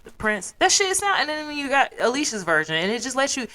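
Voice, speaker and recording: A young podcast host from Chicago's South Side, with a Chicago accent, delivers a blunt, profane solo rant that slips into mimicked quotes. Her voice sits high and her pace is brisk as she tells her stories animatedly with put-on voices.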